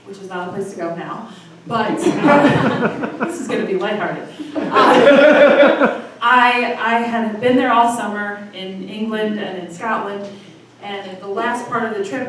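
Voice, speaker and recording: A woman in her thirties from Michigan hosting a live storytelling night, telling a personal story in a chatty, self-deprecating way with quick asides. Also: mid-range voice, recorded from a distance. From Michigan, USA. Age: 30s. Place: live storytelling venue with audience. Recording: echoey room from afar, faint noise.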